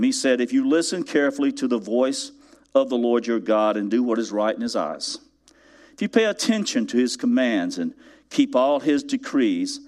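A man preaching a sermon in church, telling a story with mounting emphasis and asking his congregation rhetorical questions. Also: medium pitch. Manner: animated storytelling, builds to loud emphatic peaks. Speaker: pastor.

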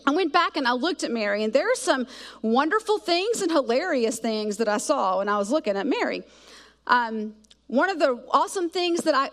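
A middle-aged woman from South Georgia, preaching a sermon full of animated personal stories. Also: high voice. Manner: animated storytelling, acts out voices of herself and kids.

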